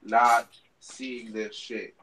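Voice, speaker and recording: A man's voice: fairly low pitch, level tone, extremely slow, bright, forceful tone, slight background noise, poor audio. A man co-hosting a podcast, rambling in casual chat with lots of fillers and swearing. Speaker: podcast co-host.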